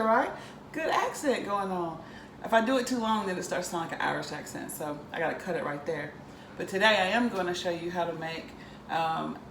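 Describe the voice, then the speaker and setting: A woman's voice: on the low side, vocal fry. A woman hosting a casual cooking demonstration in her kitchen, chatty and upbeat. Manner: chatty, upbeat, many ums and likes. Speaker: cooking show host. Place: home kitchen. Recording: echoey kitchen with background noise.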